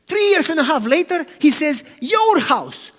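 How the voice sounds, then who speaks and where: A man preaching a sermon as pastor, animated, swinging from loud to hushed. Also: very high-pitched, a little fast. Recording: long hall reverb.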